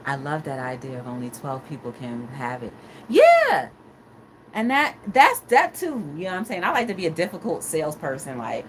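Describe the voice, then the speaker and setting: A woman hosting a casual livestream talk show, chatting with viewers' comments and acting out quotes in animated stories. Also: medium pitch, normal speed, slight background noise. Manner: animated storyteller, acts out quotes, laughs often. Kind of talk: casual chat reading live comments.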